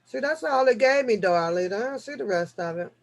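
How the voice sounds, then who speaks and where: A woman's voice: expressive, quick pace. Chatty woman host on a live stream. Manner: chatty, reads articles aloud, jokes with the chat; swings from low mutters to loud laughing outbursts. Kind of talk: casual live-stream news chat.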